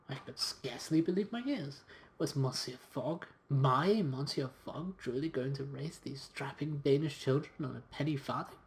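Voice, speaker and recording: A man reading a video game's narrative aloud between casual asides. His voice is mid-pitched and easygoing, with a relaxed reading manner. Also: normal speed. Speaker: gamer reading a story game aloud. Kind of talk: casual let's-play commentary and reading aloud.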